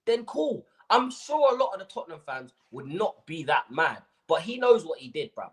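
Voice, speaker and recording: A man's voice: high voice, moderate pace. A young man hosting a football fan livestream, ranting casually with lots of slang and repetition. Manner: animated ranting, slangy, repeats himself.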